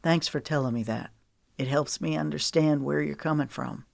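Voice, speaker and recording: Woman putting on a laid-back young guy, teasing and soft, pitched lower than her own voice, dry close sound. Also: moderate pace, vocal fry, no echo. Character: easygoing young man, teasing and friendly.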